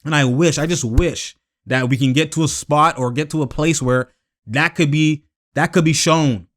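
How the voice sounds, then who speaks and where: A young man talks straight to his audience in a loose, slang-heavy way, circling back and piling on fillers as he riffs on basketball. His delivery is animated, and he pushes his voice up when he gets fired up. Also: on the high side, moderate pace. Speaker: basketball commentary host. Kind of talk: casual solo commentary.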